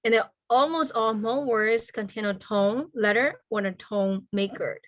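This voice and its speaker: A woman teaching a language class over a video call. She spells out letters and sounds slowly and keeps checking in with "okay?" after nearly every point. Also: on the high side, no room sound. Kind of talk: online language lesson.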